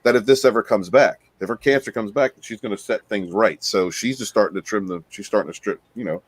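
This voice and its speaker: A man's voice: fairly low pitch, fast, breathy edge, no echo. A man chatting casually on a podcast panel, emphatic and building his points by repeating himself. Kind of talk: casual chat.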